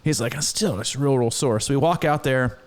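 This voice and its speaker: A man's voice: medium pitch, a little fast. A middle-aged man co-hosting a podcast, telling a story in casual chat with lots of restarts and laughs. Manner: rambling, animated, laughs often, many restarts. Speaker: podcast co-host.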